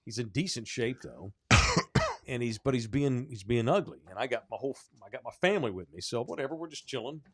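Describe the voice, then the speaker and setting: A man co-hosting a sports podcast, telling a story in casual, animated, profane talk. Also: mid-range voice, a little fast, background noise. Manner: animated, profane, rising when excited. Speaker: podcast co-host.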